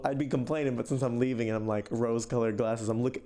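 A man's voice: medium pitch, steady tone, fast talker, hardly any pauses, mellow. A man co-hosting a podcast, easygoing and reflective, swearing casually. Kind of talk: casual chat.

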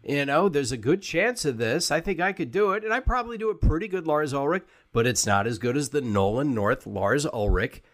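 A man's voice: on the high side, animated, fairly quick, hardly any pauses. A male podcast host in casual conversation, explaining his craft in a chatty way. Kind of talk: casual interview chat.

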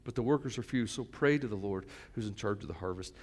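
A middle-aged male pastor preaching a sermon, moving between soft, reflective asides and loud, fervent stretches. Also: fairly low pitch, quick pace, long reverb tail.

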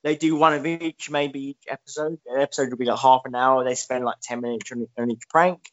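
A man's voice: medium pitch, steady tone, brisk, a bit bright. A man, co-hosting a podcast in casual chat, rambling and swearing with lots of fillers. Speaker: podcast co-host. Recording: dull lo-fi podcast mic.

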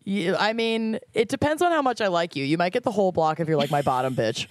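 Brash low-voiced woman co-host. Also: lively intonation, fast. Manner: brash, crude and joking. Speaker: podcast co-host. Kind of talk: casual chat.

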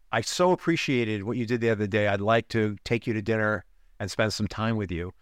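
A man's voice: mid-range voice, smooth, dry recording, studio quality. A man hosting a relationship podcast, giving an emphatic teaching monologue and repeating key lines for effect. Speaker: podcast host, relationship coach.

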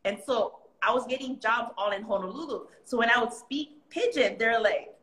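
A woman's voice: a little high, moderate pace. A young Hawaiian woman with a Hawaiian accent, chatting as a guest, telling stories with lots of laughter. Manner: animated storyteller, laughing often, slipping into pidgin voices. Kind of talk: casual chat. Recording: roomy echo.

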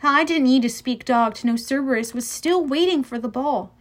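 Woman narrator, high voice, lively first-person audiobook reading. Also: moderate pace, few pauses.

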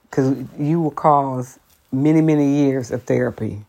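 A woman, telling a workplace story to her viewers in a chatty, sassy, sidetracked way, jumping high for emphasis. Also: a little slow, dark tone, highs cut off. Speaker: vlogger.

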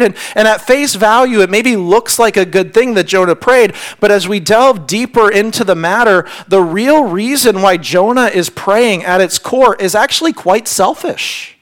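High-voiced earnest male pastor preaching. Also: normal speed, hardly any pauses. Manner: earnest, repeats words when stressing points; drops to a hushed near-whisper on key lines. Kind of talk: sermon.

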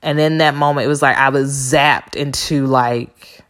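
A woman's voice: a bass voice, steady tone, moderate pace, fairly bright tone. A woman hosting a podcast, telling a personal story in a candid, blunt and profane casual monologue with slangy asides. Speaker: podcast host.

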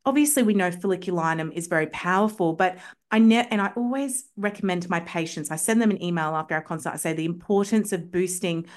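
This podcast guest, a woman who practices homeopathy, talks fast in a lowish voice. Her casual storytelling is chatty and full of enthusiasm, with plenty of filler words throughout.

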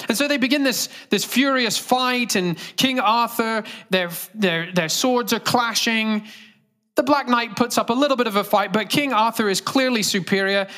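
A man's voice: high voice, bright, forceful tone. A male pastor delivering a sermon earnestly, engaging the congregation with direct questions.

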